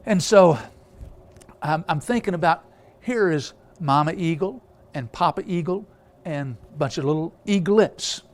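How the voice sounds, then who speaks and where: A man's voice: fairly high pitch, a little slow. Rambling storytelling preacher man. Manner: rambling, with many filler sounds and restarts. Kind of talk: storytelling sermon.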